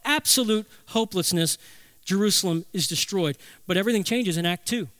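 A man preaching a sermon as pastor, emphatic, slowing down to stress key phrases. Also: sits high, a bit bright, no echo.

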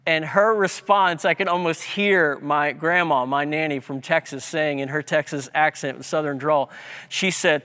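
A man's voice: a little high, steady tone, unhurried, pushed and bright, smooth. A man preaching a sermon as pastor, emphatic and repeating key words for effect. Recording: long hall reverb.

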